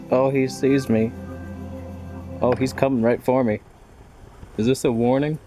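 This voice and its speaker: A man's voice: mid-range voice, steady tone, unhurried, long pauses, over music. A man casually vlogging outdoors on a hillside, joking to himself and to the animals around him. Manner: jokey, talks to himself and the animals. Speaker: travel vlogger. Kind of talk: casual vlog narration.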